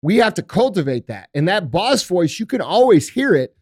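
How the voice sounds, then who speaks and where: Blunt, profane man with a higher voice. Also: very animated, normal speed, darkish tone. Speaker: podcast host. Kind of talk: casual motivational talk.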